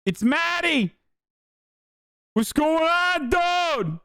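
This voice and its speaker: A man putting on a mocking impression of a male politician with an exaggerated Massachusetts accent, loud and drawled. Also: very high-pitched, big pitch swings, very slow, dry recording, clean studio sound, pitched above the performer's own voice, exaggerated voice.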